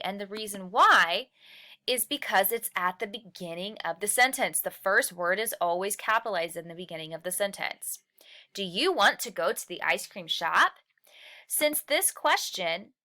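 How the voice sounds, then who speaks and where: A woman's voice: medium pitch, bright, forceful tone. A woman teacher walking young students through worksheet pages, patiently explaining step by step and asking questions as she goes. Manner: stretches and slows key words for emphasis. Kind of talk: recorded lesson walkthrough.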